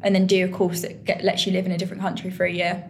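A woman's voice: lowish voice, monotone, very fast, gravelly, a little mellow, a little hiss or hum. Rambling young woman podcast co-host. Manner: rambling, hesitant restarts. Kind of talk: casual chat.

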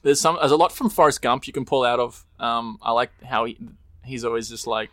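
A man talks in a loose, rambling way as he co-hosts a casual home podcast, and he keeps slipping into movie quotes. His voice sits at a middle pitch. The room sound is close and dry, with hardly any echo. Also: brisk, a bit bright. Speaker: podcast co-host. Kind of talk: casual chat.

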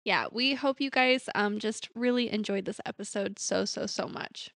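A woman's voice: medium pitch, moderate pace, fairly bright tone, no echo, clean studio sound. A woman co-hosting a casual podcast chat, who wraps up in an upbeat, encouraging way. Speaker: podcast co-host.

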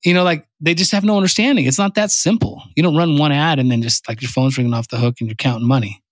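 A man's voice: on the high side, fast talker, no room sound. Chatty man hosting a podcast. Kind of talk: casual chat.

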